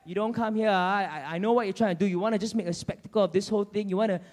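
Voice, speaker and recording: A man voicing an irritated older brother who talks fast and brushes his sibling off. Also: sits high, darkish tone, close to an everyday voice. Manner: quick, irritated. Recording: long church hall reverb.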